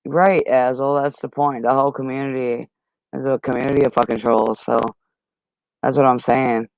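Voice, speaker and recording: A man's voice: mid-range voice, fairly even intonation, moderate pace, vocal fry, a little mellow, no echo. A man hosting a livestream, arguing with chat in a heated, profane, casual way. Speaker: livestream host.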